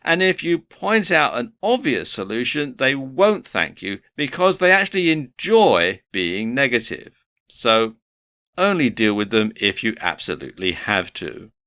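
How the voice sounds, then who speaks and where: A man giving self-help advice in a relaxed, conversational way. His pitch rises and falls with lively movement, and his voice has a bright, forward edge. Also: measured pace. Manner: earnest, advising, conversational. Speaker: self-help video presenter. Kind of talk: motivational talk to camera.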